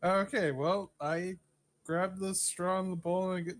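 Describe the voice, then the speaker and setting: Male player, slightly high voice, wry joking table talk. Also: steady tone, unhurried. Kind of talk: casual tabletop game play.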